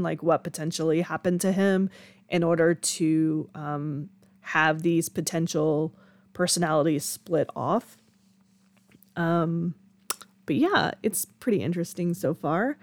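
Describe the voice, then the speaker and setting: A woman's voice: fairly low pitch, measured pace, dry recording. A young woman hosting her own podcast, chatting candidly with frequent laughs and casual swearing. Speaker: podcast host. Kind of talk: casual solo podcast chat.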